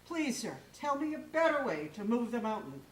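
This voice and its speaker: A woman's voice: on the high side, sing-song, normal speed, a little hiss or hum. A woman doing a small, pleading man. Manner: pleading and earnest. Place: live stage in a hall. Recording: echoey hall from far off.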